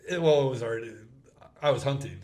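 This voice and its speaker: A man in his thirties telling a hunting story in casual chat, acting out the quotes with quick laughs. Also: medium pitch, a little mellow. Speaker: podcast host. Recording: roomy with faint background noise.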